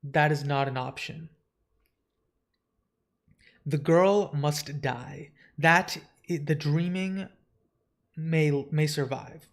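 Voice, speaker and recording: A man voicing a solemn, aloof male dream lord, speaking slowly and formally. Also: a little high, fairly even intonation, a bit bright. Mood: grave. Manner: grave, measured, formal.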